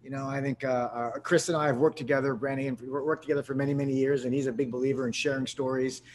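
A man's voice: medium pitch, little pitch movement, fast talker, a little hiss or hum. A man from Canada hosting a live sales webinar, talking energetically with lots of restarts and fillers. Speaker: webinar host.

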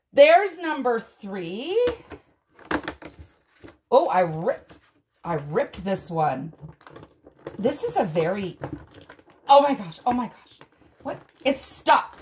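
A fairly high-pitched woman host speaking at an unhurried pace. She gushes over each toy she unboxes, gasping and exclaiming as she talks straight to her viewers. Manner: gushing, excitable, frequent gasps and exclamations. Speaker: doll collector vlogger.

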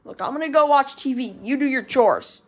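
Lady doing a bossy dad, trips over his words, kinda high, home fan movie. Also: lively intonation. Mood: stern. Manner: stern, halting, stumbling over words. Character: strict dad making his kid do chores. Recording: homemade fan toy movie.

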